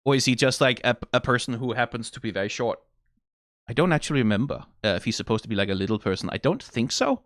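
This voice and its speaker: A man's voice: mid-range voice, expressive, quick pace, fairly bright tone, no room sound, clean studio sound. A young Danish man with a Danish accent, casually musing and rambling through a reaction video. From Denmark. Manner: musing, rambling, many restarts and laughs.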